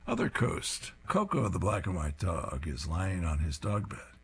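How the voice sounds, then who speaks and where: A man's voice: deep voice, lively intonation, moderate pace, slightly rough. A man reading comic strips aloud, describing each panel in an amused way.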